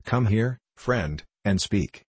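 Male reader voicing an earnest boy: firm lines, deep husky tone. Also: lively intonation, slow, a little mellow, no room sound, heavily acted. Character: brave young boy with a rifle, earnest.

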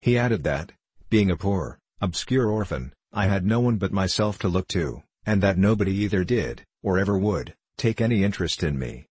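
A man's voice: low-pitched, breathy edge, dry recording. A man reading as a young prisoner telling his past. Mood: grave. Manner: measured, even storytelling. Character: young male prisoner recounting his boyhood. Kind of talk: audiobook reading.

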